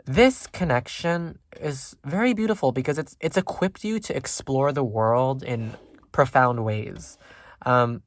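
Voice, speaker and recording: A tarot reader giving a casual pick-a-card reading, rambling with many ums and likes while thinking aloud, gentle and reassuring toward viewers. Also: medium pitch, noisy background.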